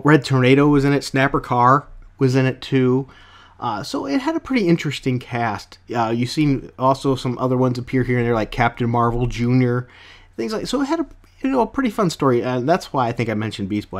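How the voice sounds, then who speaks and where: Rambling man with a lively voice. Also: medium pitch, fairly quick. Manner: rambling, lots of fillers and self-corrections. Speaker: comic book reviewer. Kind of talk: casual review vlog.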